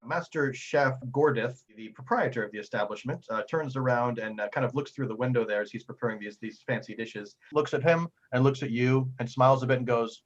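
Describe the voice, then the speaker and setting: A man narrates a tabletop fantasy game as its game master, stumbling through restarts as he goes. His voice is husky. The recording sounds dull and lo-fi. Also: medium pitch, fairly quick, few pauses. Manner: warm storytelling with frequent ums and restarts.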